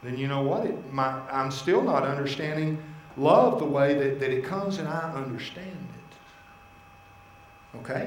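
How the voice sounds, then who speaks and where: A male pastor preaching a sermon, telling personal stories with animated asides and quoted dialogue. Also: on the high side, normal speed, roomy sound, slight background noise, poor audio. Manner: animated storytelling, voicing God and his wife in asides.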